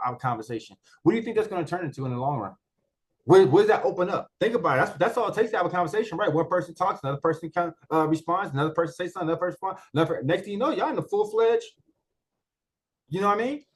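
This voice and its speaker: A man presenting a marketing software walkthrough in a casual training talk, colloquial and repetitive, full of rhetorical questions. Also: high-pitched, lively intonation, rapid-fire.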